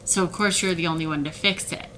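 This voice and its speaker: Heated, animated woman talking to camera. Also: on the low side, fast, slight background noise, rough recording. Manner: heated, animated, mocking quoted voices. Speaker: self-help video creator. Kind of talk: emotional direct-to-camera talk.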